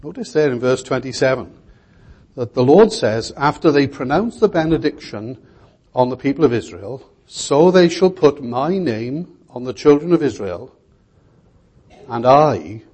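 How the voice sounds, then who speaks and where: Earnest older preacher, mellow husky voice. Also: male voice, medium pitch, animated, moderate pace. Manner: earnest, emphatic, repeats key words. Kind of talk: sermon.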